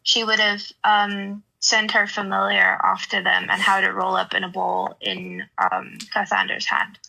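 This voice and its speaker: A woman's voice: medium pitch, a little slow, creaky, pushed and bright, rough recording. A woman playing in a tabletop game, speaking politely and hesitantly with frequent ums. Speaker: player.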